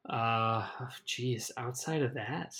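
A man in casual sports chat about fantasy football, mid-pitched and chatty. He hedges his picks and often restarts a phrase before he finishes it. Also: takes it slowly, sharp tone. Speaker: fantasy football podcast co-host.

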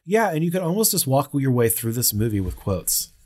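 A man co-hosting a podcast in casual, relaxed chat, laughing as he quotes lines. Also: mid-range voice, fairly quick. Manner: relaxed, chatty, laughs while quoting. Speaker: podcast co-host.

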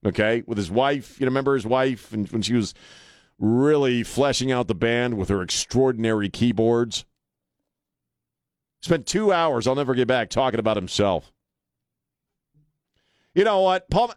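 A man's voice: medium pitch, no echo, studio quality. A man hosting a talk radio show, ranting bluntly and sarcastically.

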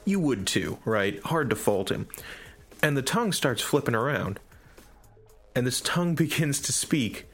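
A man co-hosting a podcast, telling a story in casual chat with lively enthusiasm. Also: medium pitch, normal speed, soft background music. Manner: animated storyteller. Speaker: podcast co-host.

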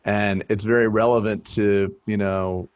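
A man's voice: lowish voice, level tone, measured pace, no room sound. A man in his thirties, a podcast co-host, sharing thoughts in an earnest, wordy way. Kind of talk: casual conversation.

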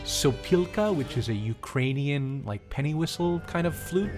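A man's voice: a little high, expressive, moderate pace, loud music behind the voice. A man co-hosting a casual podcast, talking thoughtfully about a film score and occasionally singing bits of the melody. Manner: thoughtful, chuckling, sings melody fragments. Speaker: podcast co-host. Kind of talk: casual music analysis chat.

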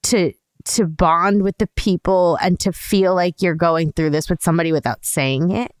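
A woman in her thirties co-hosting a podcast, telling stories in animated casual chat with lots of "like" fillers. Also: on the low side, moderate pace, clear, resonant tone, dry recording, studio quality. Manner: animated storyteller, fills with "like". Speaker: podcast co-host.

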